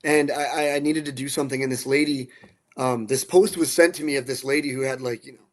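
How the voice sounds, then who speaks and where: A man from central Alberta talking casually as a guest, animated and blunt, swearing now and then, restarting and repeating words. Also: mid-range voice, fast talker. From central Alberta, Canada. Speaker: guest, musician and dog rescue advocate. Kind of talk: casual storytelling.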